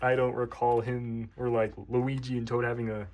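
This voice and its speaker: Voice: medium pitch, little pitch movement, normal speed, a little mellow. A young adult around twenty, casually rambling and poking fun at their own childhood books. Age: about 20. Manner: rambling, self-mocking. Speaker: YouTuber. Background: faint background music.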